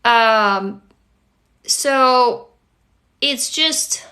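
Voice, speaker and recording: A young woman with English as her second language talks straight to her livestream viewers in a confessional, heartfelt way. Her voice is bright and sits fairly high. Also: drawn-out words. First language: not English. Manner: earnest, confessional, addresses viewers directly. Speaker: livestream host. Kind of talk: casual heartfelt livestream talk.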